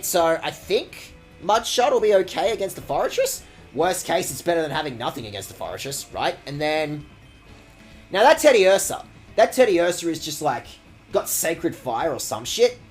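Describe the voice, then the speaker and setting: A man talks over a game he is streaming, rambling and sarcastic, with jokey outbursts of mock outrage. His pitch swings widely from line to line, and faint music plays underneath. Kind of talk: sarcastic let's-play commentary.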